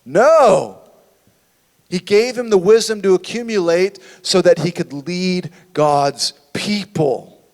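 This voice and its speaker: A man's voice: high voice, moderate pace, few pauses, a little mellow, in a large hall. A man preaching a sermon as a church pastor, conversational and full of rhetorical questions. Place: church sanctuary.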